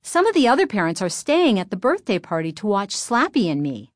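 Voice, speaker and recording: A woman's voice: medium pitch, sing-song, fairly quick, no echo, studio quality, pitched above the performer's own voice, lightly acted. Woman doing a smug, sarcastic girl. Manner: sarcastic, self-assured. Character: cocky young girl ventriloquist, sarcastic.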